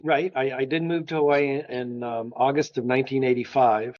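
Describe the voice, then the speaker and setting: A man's voice: medium pitch, fairly even intonation, moderate pace, a little mellow, no room sound. Older guy guest telling stories, acts out the quotes, kinda muffled dull audio. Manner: enthusiastic anecdotes, acts out dialogue. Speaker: guest art historian. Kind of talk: storytelling interview. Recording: slightly dull lo-fi sound.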